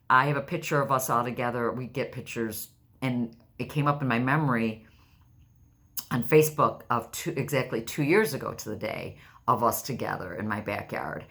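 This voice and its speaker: Very low-voiced woman in her sixties, chatty. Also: a bit bright. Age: 60s. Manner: chatty, storytelling, laughs often. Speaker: vlogger. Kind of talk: casual chat to camera.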